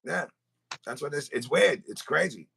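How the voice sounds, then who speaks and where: A man hosting a podcast in a studio, ranting with animated, profane, comic storytelling. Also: on the high side, normal speed, creaky, breathy edge. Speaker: podcast host. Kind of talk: casual podcast rant.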